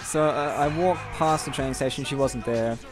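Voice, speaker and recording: A man's voice: mid-range voice, moderate pace, over music. A young man telling a long, rambling personal story over gameplay, candid and casual with frequent swearing. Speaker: gameplay commentator.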